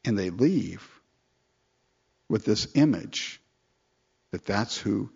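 A man preaching a sermon in a conversational, animated way, often chatting with listeners as he goes. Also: takes it slowly, creaky, slightly rough, lo-fi sound. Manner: conversational, animated, mimics people in falsetto quotes.

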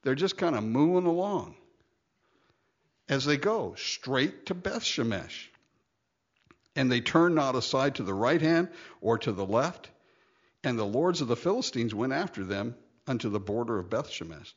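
Male pastor, expressive teaching voice that jumps high and drops low, slightly muffled lo-fi sound. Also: unhurried. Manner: animated, laughing often, acting out quotes. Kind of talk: sermon.

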